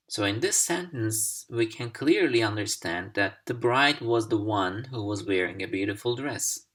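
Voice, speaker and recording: A man teaching English over slides, speaking slowly and deliberately with careful pauses. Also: fairly low pitch, animated, a bit bright. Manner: slow, deliberate, carefully paced. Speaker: English language instructor. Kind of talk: slide-based recorded lesson.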